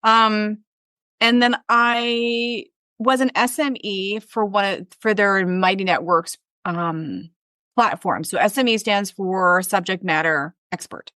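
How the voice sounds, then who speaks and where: Woman guest, bright tone, chatty, fillers, dry sound. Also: medium pitch, takes it slowly, no room sound. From Canada. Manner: chatty, lots of fillers, animated retelling. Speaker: interview guest. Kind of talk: casual conversation.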